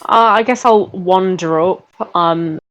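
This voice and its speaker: A woman's voice: fairly low pitch, slow pace, a bit bright, low-quality recording. A woman playing a tabletop game, speaking tentatively with lots of hedging. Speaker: player. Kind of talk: tabletop role-play chat.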